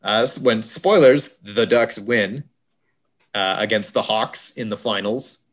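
A man's voice: lowish voice, takes it slowly. Podcast co-host, male, jokey and rambling, casual chat, self-corrects a lot. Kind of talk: casual movie discussion chat.

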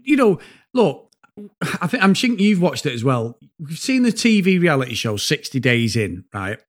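A man co-hosting a podcast, chatting casually about a film in a rambling, sweary, animated way. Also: fairly high pitch, normal speed. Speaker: podcast co-host. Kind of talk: casual film review chat.

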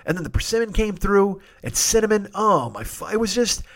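A middle-aged man hosting a podcast, telling a rambling, profane, excitable comic story. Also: high-pitched, brisk, gravelly. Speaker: podcast host.

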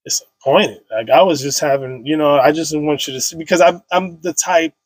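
Man, 30s, podcast guest, emotional storytelling, husky tone, dry close sound. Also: fairly high pitch, a little fast, no room sound. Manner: casual, heavy slang, many restarts and fillers.

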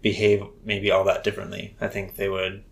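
A man's voice: fairly low pitch, completely flat delivery, fairly quick, gravelly, slight background noise. A man co-hosting a podcast in casual chat, thinking aloud hesitantly with fillers. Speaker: podcast co-host.

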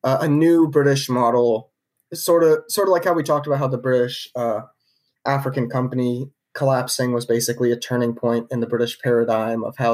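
A man's voice: mid-range voice, darkish tone. A man co-hosting a podcast, telling a history story in a casual, conversational way, with many fillers and restarts. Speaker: podcast co-host narrating history.

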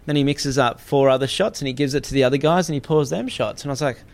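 A young Australian man telling a story in casual chat, animated, swearing freely and acting out the people in it. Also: mid-range voice, fast, gravelly.

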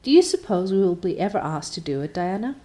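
A woman's voice: lowish voice, very animated, quick pace, dark tone. Woman voicing a dramatic, dreamy young girl. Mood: earnest.

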